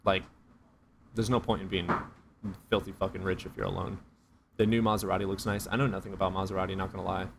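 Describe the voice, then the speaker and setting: A man with a lower-pitched voice chats loosely with his live-stream viewers, swearing freely and joking as he rambles. A faint hum of noise sits under his voice. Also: little pitch movement, quick pace, vocal fry, pauses often. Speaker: streamer answering chat. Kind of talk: casual live-stream chat.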